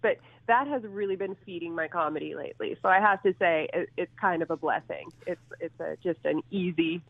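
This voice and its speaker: A woman's voice: on the low side, fairly quick, creaky, dry recording. A middle-aged woman from Minnesota, a stand-up comedian chatting as a guest in a casual interview, giggly and self-teasing. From Minnesota, USA. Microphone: phone line. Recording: tinny dry phone line.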